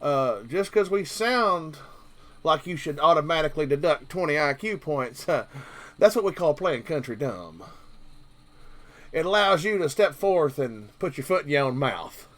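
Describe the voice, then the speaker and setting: A man's voice: on the high side, lively intonation, moderate pace, a bit bright. A man from Kentucky with a Southern drawl, hosting a casual live stream and rambling along jokingly with lots of fillers. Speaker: livestream host.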